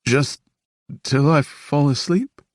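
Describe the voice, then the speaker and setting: A man's voice: on the high side, slow, no echo, studio quality, pitched above the performer's own voice. A man voicing a grieving, anxious young man who speaks in a pleading, hesitant way.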